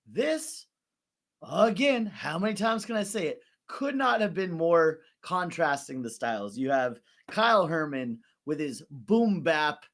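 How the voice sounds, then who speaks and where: A man's voice: high-pitched, a bit bright. A man hosting an online rap tournament recap, talking in a casual, joking and profane way.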